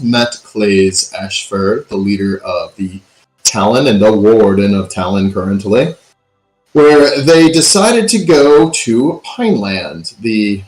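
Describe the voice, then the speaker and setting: Man, game master, tabletop narration, dramatic recaps, mid pitch, echoey room. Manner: dramatic recaps with filler ums. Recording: roomy echo.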